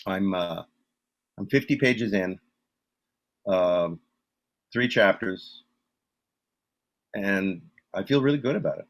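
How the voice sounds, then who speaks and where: A man's voice: deep voice, expressive, slow pace, pauses often. A man being interviewed as a musician, telling stories in a casual, rambling way with many fillers, restarts and self-deprecating asides.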